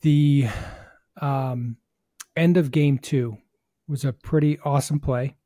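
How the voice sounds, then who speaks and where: A man's voice: mid-range voice, fairly even intonation, takes it slowly, warm tone, dry recording, clean studio sound. A man hosting a baseball podcast, talking through ideas in a thoughtful, rambling casual chat. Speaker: host, hitting coach.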